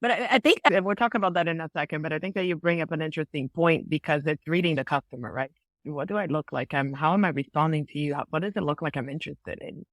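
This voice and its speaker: A woman speaking as a podcast guest, explaining her points emphatically in quick bursts. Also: deep voice, no room sound. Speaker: podcast guest, business advisor. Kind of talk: conversational interview.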